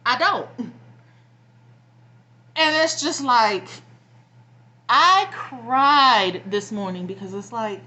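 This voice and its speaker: A woman's voice: fairly high pitch, animated, very slow, pauses often, pushed and bright, dull audio. A young woman venting bluntly and with a lot of swearing in a personal vlog, close to tears and frustrated. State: near tears. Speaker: vlogger. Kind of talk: emotional personal vlog rant.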